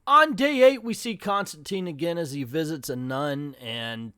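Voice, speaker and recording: A man's voice: on the high side, normal speed, pushed and bright, clear, resonant tone, dry recording, studio quality. A man hosting a casual comic book recap, chatty and self-deprecating, who reads the panels aloud and voices the characters when quoting them. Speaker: comics channel host.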